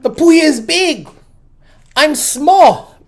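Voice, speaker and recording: A man's voice: very high voice, animated, slow, soft background music, pitched above the performer's own voice, heavily acted. A man voicing a tiny, timid shrimp who bluntly refuses to help. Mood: dismissive. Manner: blunt, dismissive.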